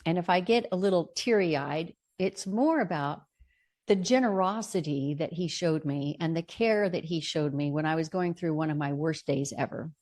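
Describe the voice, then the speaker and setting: Middle-aged woman telling her own story, lowish voice, earnest, jumps up bright on the quotes. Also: normal speed. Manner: earnest, expressive, with bright lifts into quoted lines. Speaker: storyteller sharing a personal memoir. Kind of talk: personal storytelling, partly read aloud.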